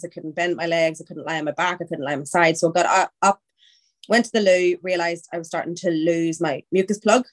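Woman chatting candidly on a podcast, slightly low voice. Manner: candid, chatty, quotes her own thoughts aloud. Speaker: podcast guest telling her birth story. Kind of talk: casual storytelling chat.

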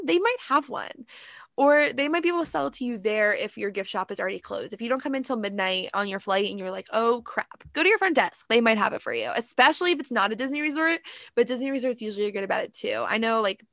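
Woman, podcast co-host, casual chat, chatty, laughs a lot, fairly high voice, dry sound. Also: a bit bright, no room sound.

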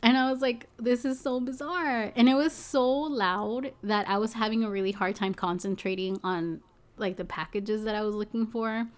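With a voice on the high side and a normal speaking speed, a young woman who drives for a package delivery service chats casually. She rambles through a story, using "like" and "you know" as fillers, and now and then lets out a swear or a laugh.

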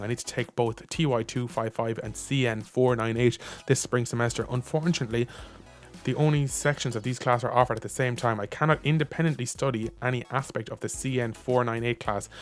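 A young Irish man chatting casually, wry, reading out emails and acting out teachers. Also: mid-range voice. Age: young adult. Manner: wry, reads out emails in mock voices. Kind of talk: casual chat.

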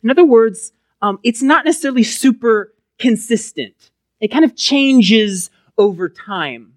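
A man's voice: very high-pitched, measured pace, dry recording, clean studio sound. A man preaching a casual, conversational sermon, often checking in with listeners by asking "right?". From Texas. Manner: animated, talks to the congregation with frequent "right?". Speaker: pastor.

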